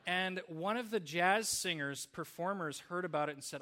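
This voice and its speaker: A man's voice: high voice, moderate pace, pushed and bright. A man preaching a sermon, telling stories in an earnest way with small restarts. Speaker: pastor.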